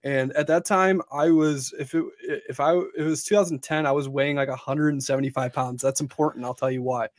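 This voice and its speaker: A man's voice: medium pitch, fairly even intonation, a little fast, hardly any pauses, no echo. A young adult man co-hosting a podcast, telling stories in a rambling, profane, casual way. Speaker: podcast co-host. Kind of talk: casual chat.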